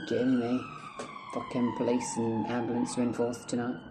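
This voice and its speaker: A man's voice: mid-range voice, completely flat delivery, normal speed, very noisy. A Scottish man telling a rambling personal story in a casual vlog, chatty and swearing often. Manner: rambling, chatty, heavy swearing, drifts off topic. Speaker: vlogger.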